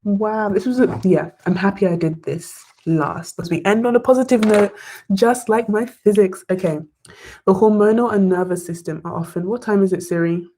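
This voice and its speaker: A young woman streaming herself studying live, thinking aloud through exam questions and chatting excitedly to her viewers. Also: mid-range voice, moderate pace. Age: young adult. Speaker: study vlogger. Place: bedroom desk, wrapped in blankets.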